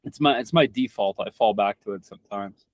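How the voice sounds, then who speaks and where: Speaking a little fast in a lowish voice, a young man from Kentucky chats casually as a podcast guest. He rambles, stammers and restarts often, and curses bluntly; the recording is dry.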